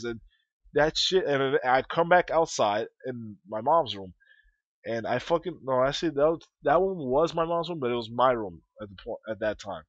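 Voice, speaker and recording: A young man spins a long personal tale in a loose, rambling way, cursing freely and tripping over repeated words. His voice sits at a middling pitch and jumps loud and high when he gets excited. The audio is dry and a little muffled. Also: no room sound. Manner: rambling, profane, repeats himself. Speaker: storyteller. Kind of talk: casual spoken storytelling.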